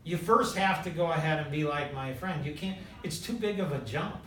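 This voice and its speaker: Brief: male host, high voice, chatty storyteller; mic far, roomy echo. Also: normal speed, a little hiss or hum. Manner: animated, quotes others in short bursts, filler "like". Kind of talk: casual storytelling chat. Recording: echoey room, voice from afar.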